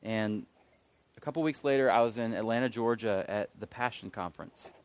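A man's voice: lowish voice, fairly quick. Candid, self-mocking man preaching. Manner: candid, self-mocking storytelling with sudden emphatic peaks. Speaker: pastor. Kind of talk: sermon.

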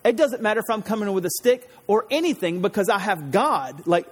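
A man's voice: high voice, animated, fairly quick, breathy edge, big-room sound. A man voicing a young male shepherd warrior who talks back boldly and defiantly. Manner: defiant bold trash talk.

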